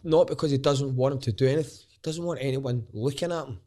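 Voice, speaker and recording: A man's voice: medium pitch, quick pace, mellow. A man with a Glaswegian accent, a stand-up comedian guesting on a podcast and telling his story candidly, rambling and restarting sentences and swearing casually. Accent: Scottish, Glaswegian.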